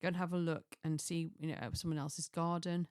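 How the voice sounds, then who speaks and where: A middle-aged lifestyle vlogger from Chester, England, chats casually through a list of ideas, rambling, restarting, and adding chuckling asides. Her voice is on the low side, level, smooth, and a little mellow, at a slightly fast pace, recorded clean in a studio with no room sound.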